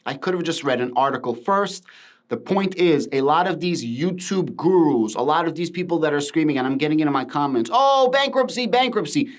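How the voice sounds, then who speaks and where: A man's voice: on the high side, a little fast. A man talking through a finance topic on his channel in an emphatic commentary style, repeating words for stress. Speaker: crypto finance YouTuber. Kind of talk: casual commentary to camera.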